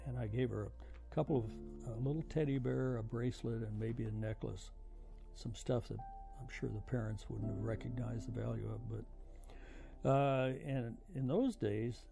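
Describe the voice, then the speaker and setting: An older man, a veteran, recounting his memories in a halting, reflective way with frequent "uh" fillers. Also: mid-range voice, vocal fry, mellow. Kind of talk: oral history storytelling. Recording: music playing under voice. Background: music.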